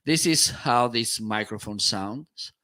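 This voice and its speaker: Slow, bright-voiced man demoing microphones. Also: medium pitch. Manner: casual, explanatory, trying out microphones on air. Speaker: product reviewer. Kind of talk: live-stream product demo. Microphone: studio microphones on a boom arm.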